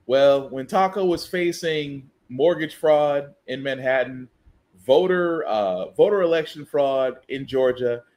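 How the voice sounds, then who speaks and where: A man hosting a podcast, giving sarcastic, ranting casual commentary on the news. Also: a little high. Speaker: podcast host.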